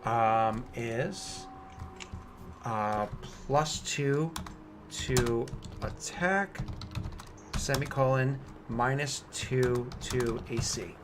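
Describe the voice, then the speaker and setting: A man running a tabletop game as game master, explaining rules and then narrating combat with excited energy. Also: medium pitch, extremely slow, background noise.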